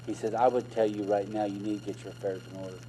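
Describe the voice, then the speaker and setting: A man's voice: on the low side, flat delivery, fast talker, warm tone, a little hiss or hum, low-quality recording. A middle-aged man, a minister, telling his own story as a sermon testimony, retelling conversations with repeated emphatic phrases.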